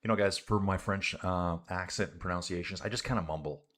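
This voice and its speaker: A man's voice: sits low, fairly quick, fairly bright tone. A man giving casual live commentary on a bike race for a stream, reading viewer comments and calling out to his viewers as guys and dude. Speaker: livestream cycling commentator.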